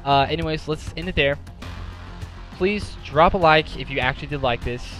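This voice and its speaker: A man giving casual gameplay commentary in an excitable way, breaking into exasperated outbursts. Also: on the high side, normal speed. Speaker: gaming commentator. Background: game music and sounds.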